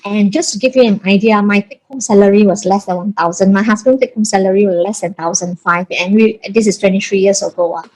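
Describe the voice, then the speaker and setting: A woman's voice: mid-range voice, fast, hardly any pauses, darkish tone, low-quality recording. A woman in her forties with a Malaysian English accent, telling a personal story in colloquial, emphatic speech and acting out the voices of the people she quotes. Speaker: breastfeeding consultant.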